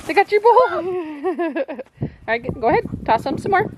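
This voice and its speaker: A woman's voice: very high voice, sing-song, moderate pace. Patient mom coaching her child outdoors. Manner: patient, repeats short instructions. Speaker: homestead vlogger and mother. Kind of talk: casual instructions to her child. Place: outdoors at a chicken farm. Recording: outdoor camera audio with clear farm noise. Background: chickens clucking.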